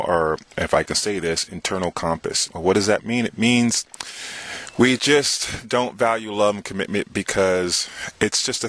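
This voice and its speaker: An American man in his forties talking slowly to camera in a casual monologue, with many pauses and fillers. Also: low-pitched, fairly bright tone, dry recording. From United States. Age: 40s. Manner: slow, hesitant, many fillers. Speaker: vlogger. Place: abroad.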